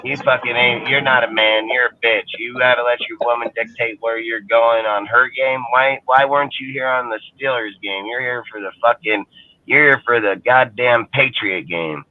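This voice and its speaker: A man co-hosting a casual sports talk show, loud and crude, swearing constantly and acting out rival fans in mocking voices. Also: medium pitch, steady tone, normal speed, no room sound. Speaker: podcast co-host. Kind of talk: profane casual sports chat. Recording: phone-like narrow band.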